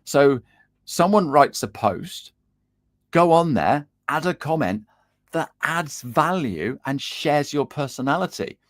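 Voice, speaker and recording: Male coach, animated delivery, video-call sound. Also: a little high, slow pace. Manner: lively, animated, acts out little dialogues. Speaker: LinkedIn coach, guest. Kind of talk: casual video-call chat. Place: home room with guitars on the wall.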